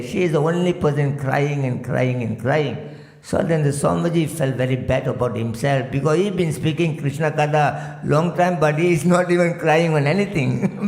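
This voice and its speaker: Brief: male swami from Malaysia, storytelling sermon, gravelly edge, roomy temple reverb. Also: a little high, a little mellow. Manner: frequent "you know" fillers, chants verses in a singsong. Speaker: swami giving a temple lecture. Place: temple hall. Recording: echoey temple hall.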